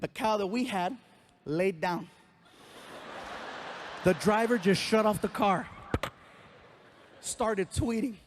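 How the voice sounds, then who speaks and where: A man performing stand-up on a live stage, with a fairly high voice. He tells his story in an animated way, jumping into voices and sound effects. Faint room noise sits behind him. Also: takes it slowly, long pauses. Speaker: stand-up comedian. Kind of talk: stand-up comedy routine.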